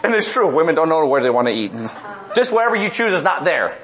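A middle-aged man preaches an animated, comic sermon, repeating lines and sinking low and slow to drive points home. Background noise can be heard.

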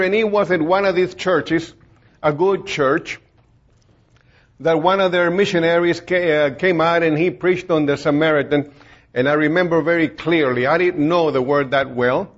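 Rambling through an informal sermon full of fillers and restarts, a man preaches in a plain, folksy way. His voice is on the high side and moderately paced, and the recording is dull and lo-fi.

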